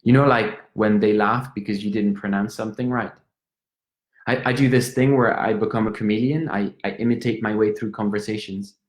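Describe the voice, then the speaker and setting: A man's voice: lowish voice, fairly even intonation, fairly quick, close to an everyday voice. A man playing a drunk, stammering young Frenchman. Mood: rueful. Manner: rambling, stammering, switches between English and French. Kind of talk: theatrical monologue. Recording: roomy echo.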